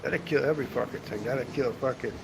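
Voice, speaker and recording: This man, a travel vlogger, is livestreaming from the outdoor seating area of a hotel rooftop, rambling, swearing, and closing lines with "man." He talks briskly in a creaky, medium-pitched voice, with noise in the background.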